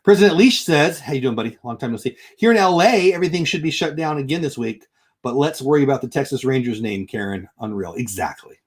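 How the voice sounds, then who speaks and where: Exasperated ranting man, husky and lively. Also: medium pitch, quick pace. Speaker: livestream host reading chat. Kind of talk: casual opinionated livestream chat.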